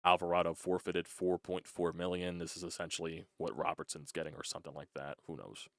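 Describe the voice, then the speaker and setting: Deep-voiced young man ranting about sports. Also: fairly even intonation, a little fast, no room sound, studio quality. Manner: frustrated, swearing, restarting words. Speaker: sports channel host. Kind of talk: casual fan rant.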